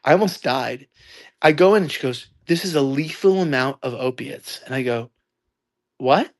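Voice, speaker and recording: A young man in his twenties telling a story loudly, ranting and acting out quoted lines. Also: medium pitch, expressive, moderate pace. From United States. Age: 20s. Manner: loud, ranting, acts out quotes. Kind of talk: animated storytelling.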